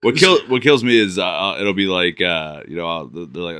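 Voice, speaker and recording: A man's voice: deep voice, sing-song, moderate pace, bright, forceful tone, clean tone, no room sound, studio quality. A man co-hosting a podcast in casual chat, explaining work rules in a matter-of-fact way. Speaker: podcast co-host.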